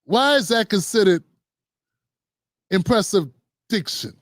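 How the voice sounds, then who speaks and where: A man's voice: sits high, lively intonation, slow, no echo, studio quality. A man hosting a live political commentary show, blunt and mocking, talking straight to his viewers. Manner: mocking, blunt, mimics people in put-on voices.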